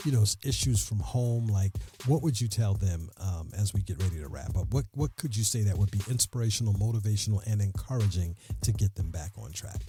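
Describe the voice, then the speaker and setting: A man's voice: on the low side, brisk, hardly any pauses, mellow, soft background music. A man hosting a podcast interview in a studio, chatty and laid-back, laughing easily. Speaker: podcast host. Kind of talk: casual interview.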